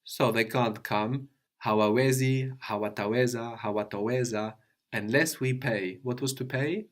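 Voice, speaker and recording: A man's voice: mid-range voice, unhurried. A man teaching a language lesson, patiently explaining step by step and asking his student questions.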